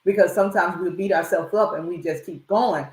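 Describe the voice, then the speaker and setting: A woman's voice: lowish voice, a little fast, darkish tone, roomy sound, rough recording. A woman speaking on a church panel, eager and encouraging.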